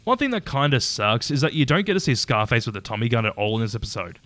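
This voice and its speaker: Ranking episodes in a casual commentary, this man stays chatty and opinionated, swearing now and then. His medium-pitched voice is expressive, fast, and a bit bright, with soft music in the background.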